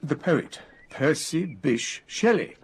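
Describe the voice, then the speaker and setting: An actor playing a well-spoken elderly English expatriate in a radio comedy, eager and explanatory. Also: male voice, on the high side, animated, slow pace, creaky, husky, exaggerated voice. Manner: polished, eager, lecturing.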